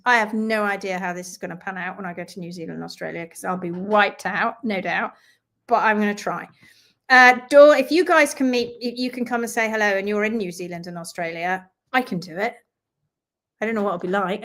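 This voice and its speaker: A woman hosting a live stream, chatting casually as she greets viewers and reads out their comments. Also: fairly high pitch. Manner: lively and talkative, with quick asides. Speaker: host of a live stream on hoof care.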